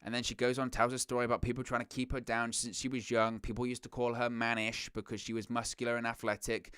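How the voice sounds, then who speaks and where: A man's voice: mid-range voice, level tone, quick pace, a bit bright, smooth, dry recording, studio quality. A man hosting a wrestling reaction show, ranting in a sarcastic, exasperated way. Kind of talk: casual reaction commentary.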